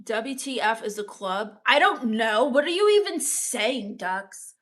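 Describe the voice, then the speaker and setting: A bitter sixteen-year-old goth girl, as a woman puts her on, mopes through a live stream in a deadpan drone. Her voice sits a little high, and everything she says drips with scorn. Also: unhurried. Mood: sulky. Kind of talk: live-stream character comedy reading chat.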